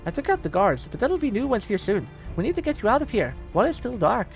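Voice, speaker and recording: Give me a man playing a brusque, protective old blacksmith with a gravelly edge. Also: high-pitched, big pitch swings, quick pace, faint music behind, voice pushed up, full character voice. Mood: urgent. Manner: brusque, urgent, scolding. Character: gruff old male blacksmith, gruffly kind and protective.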